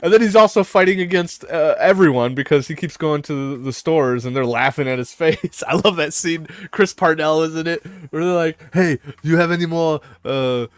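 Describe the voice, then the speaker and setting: A man's voice: fairly high pitch, normal speed, few pauses, dry recording, studio quality. A man hosting a casual panel chat, rambling, swearing and laughing as he retells scenes. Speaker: host.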